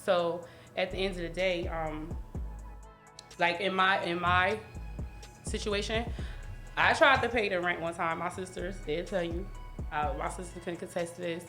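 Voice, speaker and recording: A woman's voice: fairly low pitch, fairly even intonation, unhurried, pauses often, a bit bright, reverberant, soft background music. A woman guest on a podcast, talking candidly in casual chat with frequent restarts. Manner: candid, talks in bursts with restarts. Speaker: guest, business owner.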